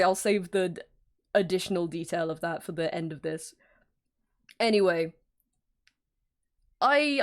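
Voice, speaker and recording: A woman streamer telling a story in a casual, exasperated way, acting out the people involved with some swearing. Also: mid-range voice. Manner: exasperated, animated retelling with acted-out quotes and swearing.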